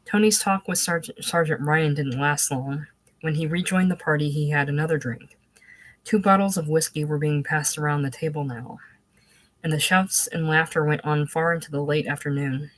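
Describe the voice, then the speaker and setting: A woman narrating a literary novel in a measured, even manner. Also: sits low, no room sound, poor audio. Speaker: audiobook reader.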